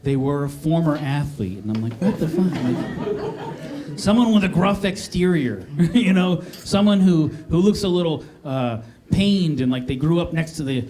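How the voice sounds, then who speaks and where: A man's voice: fairly high pitch, animated, a little slow. A middle-aged man from Maine doing a stand-up comedy set, self-mocking and talking to the crowd. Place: comedy club stage. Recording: live club set with loud audience laughter. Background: audience laughing.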